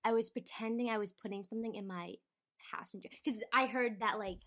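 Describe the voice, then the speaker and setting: A woman's voice: a little high, a little fast, a bit bright. Joking woman guest on a podcast. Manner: joking, teasing banter. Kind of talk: casual chat.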